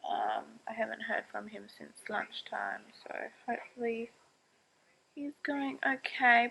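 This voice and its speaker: A young woman, a new mother, chatting casually to camera at home, talking slowly with a gravelly edge. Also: a little high, a bit bright, slight background noise, rough recording. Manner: chatty, talks to her baby in a sing-song voice. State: tearful. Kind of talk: casual vlog chat.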